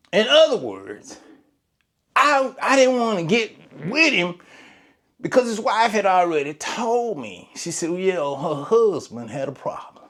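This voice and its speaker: A man's voice: high-pitched, slow. A man, a lawn care business owner, telling a story in a casual, colloquial vlog. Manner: animated storyteller, Southern colloquial speech.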